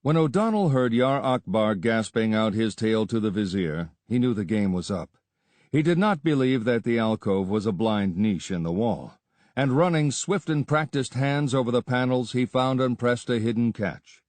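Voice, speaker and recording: A man reading an adventure story aloud as narrator, in a steady, measured storytelling manner. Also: medium pitch, dry recording. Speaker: audiobook narrator. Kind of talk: scripted narration.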